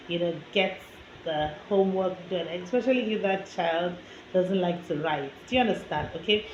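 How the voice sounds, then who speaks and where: A woman's voice: lowish voice, darkish tone. A woman giving a parenting lesson in a conversational lecture style, talking straight to the listener and using lots of "you know" fillers. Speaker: parenting instructor. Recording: echoey, muffled, noisy room recording.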